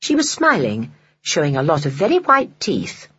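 A narrator reading a children's storybook aloud in an expressive storytelling way. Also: mid-range voice, normal speed, slightly rough, muffled recording. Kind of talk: audiobook narration.

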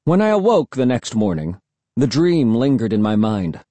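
A man reading an audiobook in expressive first-person narration. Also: medium pitch, moderate pace, dry recording. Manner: expressive storytelling.

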